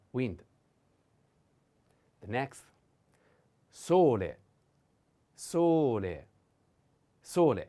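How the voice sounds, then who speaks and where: A man with an Italian accent teaching vocabulary in a slow, patient way, repeating each word three times and pausing on hesitant fillers. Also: lowish voice, dark tone.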